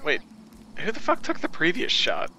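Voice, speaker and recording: A man's voice: sits high, huge pitch swings, moderate pace, pushed and bright, slight background noise. A man playing a video game with friends in casual chat, laid-back and exclaiming at his shots. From Canada. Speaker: gamer. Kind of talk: casual let's-play chat.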